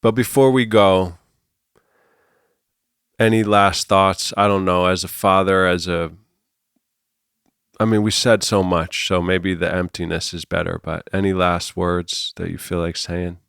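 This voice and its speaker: A man with a very low voice, hosting a podcast and drifting through stories and big ideas in a loose, meandering way. His voice is dry and close, with no room sound around it. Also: fairly even intonation, unhurried, vocal fry, long pauses, a bit bright, clear, resonant tone, dry recording. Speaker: podcast host. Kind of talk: rambling storytelling conversation.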